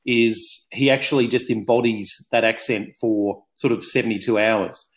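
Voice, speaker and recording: A man's voice: on the low side, steady tone, normal speed. A man chatting as a podcast guest, self-mocking and jokey. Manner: jokey, self-mocking, says mate a lot. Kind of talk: casual podcast chat.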